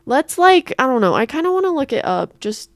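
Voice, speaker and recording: A woman from the United States giving casual reaction commentary, expressive and thinking aloud, swearing freely. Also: sits high, fairly quick, no room sound. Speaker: reaction streamer.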